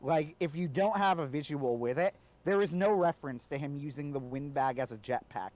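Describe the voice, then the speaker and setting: A man's voice: on the high side, normal speed, darkish tone. A man co-hosting a casual podcast discussion, talking conversationally and often checking in with "right?". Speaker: co-host.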